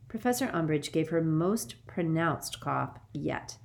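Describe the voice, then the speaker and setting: A woman narrating an audiobook in a measured, expressive storytelling manner. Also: deep voice, vocal fry.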